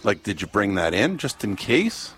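A man's voice: fairly low pitch, sing-song, moderate pace, fairly bright tone, husky. A man co-hosting a talk show, reading out news items and joking around in casual chat. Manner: rambling, joking, reading news stories aloud. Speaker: radio co-host.

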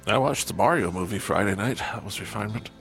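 A man's voice: on the low side, fast, creaky, fairly bright tone, soft background music. A man co-hosting a radio show, teasing the host with dry humor. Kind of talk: casual radio banter.

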